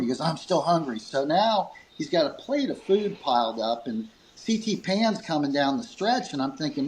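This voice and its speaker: This rough recording carries slight background noise as a man speaks at normal speed with hardly any pauses. Running a grip company, he tells a long story in an interview, chuckling between fillers and animatedly acting out quoted lines with pitch jumps.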